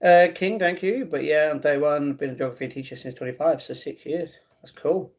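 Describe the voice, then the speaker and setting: Speaking at a moderate pace in a fairly high voice, a twenty-something streamer hangs out live and reads comments from his audience aloud. He frequently starts his sentences over.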